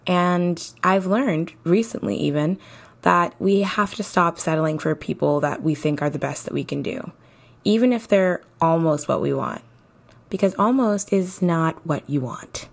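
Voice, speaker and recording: A woman's voice: on the low side, measured pace, gravelly. A young woman hosting a casual advice podcast, chatty and playful like a big sister, a little tired. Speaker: podcast host.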